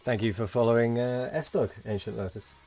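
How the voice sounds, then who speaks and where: A tired man hosts a late-night game live stream, rambling as he thanks viewers and chats with his co-player. His mid-range voice is darkish in tone, with fairly even intonation and a normal speaking speed. Faint music plays behind him.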